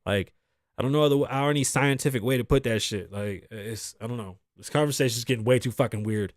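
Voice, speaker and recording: Clean, dry studio sound captures this podcast host's medium-pitched voice as he talks a little fast. He rambles through a casual monologue of animated, foul-mouthed storytelling.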